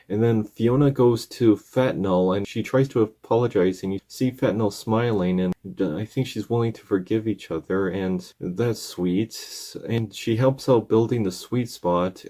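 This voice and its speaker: A man's voice: on the low side, dark tone. A man casually recapping a cartoon episode, rambling and acting out characters' lines.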